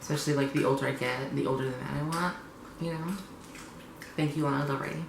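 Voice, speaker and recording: A young man vlogging casually and bluntly, sarcastic and quick to swear. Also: mid-range voice, fairly even intonation, gravelly, roomy sound, background noise. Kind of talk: confessional casual vlog.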